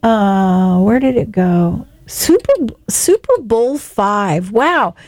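A woman's voice: medium pitch, lively intonation, takes it slowly, darkish tone, dry recording. A woman hosting a local radio show, reading listings and chatting in a rambling way with frequent laughs. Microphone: studio microphone.

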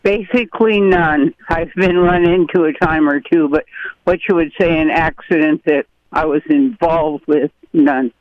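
A woman's voice: deep voice, measured pace, no room sound. A woman calling in to a radio show, giving brief, good-humored answers. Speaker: caller. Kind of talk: call-in chat. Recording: dull phone line.

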